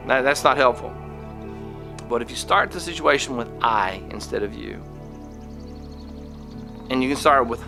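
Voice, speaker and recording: A man's voice: medium pitch, creaky, sharp tone, faint music behind. A man hosting a podcast, giving a casual spoken lesson, often restarting his sentences and acting out the quoted lines. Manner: halting, many restarts, acts out quoted lines. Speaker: podcast host.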